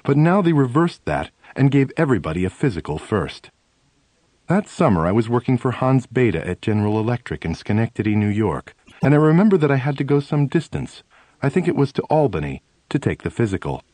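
A man reading a first-person memoir aloud as an audiobook, animated and wry storytelling. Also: mid-range voice, fairly quick, no room sound. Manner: animated storytelling with shifting emphasis. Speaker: audiobook reader.

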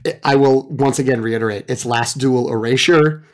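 A man's voice: mid-range voice, normal speed. A man co-hosting a film podcast, chatting casually and rambling with restarts and fillers. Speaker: podcast co-host.

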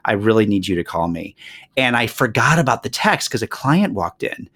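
A man's voice: on the low side, moderate pace, no room sound, studio quality. A man, co-hosting a podcast in casual chat and telling stories with lots of laughter. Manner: animated storyteller, laughs often. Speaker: podcast co-host.

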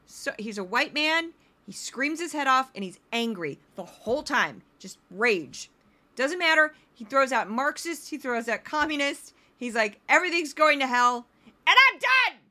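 A woman hosting a podcast of comedic political commentary, talking in a sarcastic, animated way. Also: sits high, moderate pace. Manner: sarcastic and animated, slips into voices. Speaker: podcast host.

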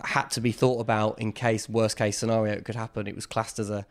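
A man, a guest in a casual interview, telling a story with lively quoted voices. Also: fairly low pitch, fast talker.

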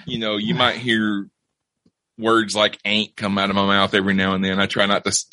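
Male podcast host, Southern American accent, casual and laughing, bright tone. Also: on the low side, completely flat delivery, fairly quick, no room sound. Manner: laughs often, easygoing. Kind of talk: casual chat.

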